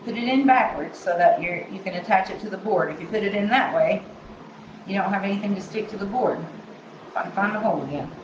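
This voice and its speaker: A woman's voice: mid-range voice, fast talker, background noise. Lady walking thru a craft project live, singsongy and chatty, kinda muffled and roomy. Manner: chatty, sing-songy, talks to herself while working. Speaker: craft tutorial host. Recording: roomy, slightly dull sound.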